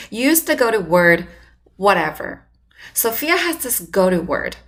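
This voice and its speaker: A woman hosting a communication channel, giving measured, explanatory scripted narration. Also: medium pitch, fairly bright tone.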